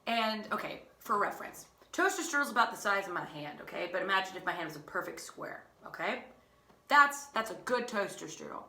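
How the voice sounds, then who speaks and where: A young woman teacher telling a family story in a chatty, animated, self-mocking way. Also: mid-range voice, fairly quick. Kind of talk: casual storytelling. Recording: echoey room.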